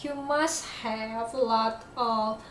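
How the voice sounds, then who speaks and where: Woman, Indonesian accent, English teacher, high voice, very slow, searching for words, echoey room. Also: steady tone, fairly bright tone. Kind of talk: classroom lesson explanation. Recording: echoey room with faint noise.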